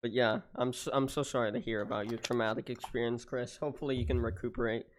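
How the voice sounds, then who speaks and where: A man's voice: medium pitch, fairly even intonation, quick pace, a little hiss or hum. A man hosting a casual livestream podcast, joking and reading out viewer comments in a laid-back way. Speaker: podcast host reading chat.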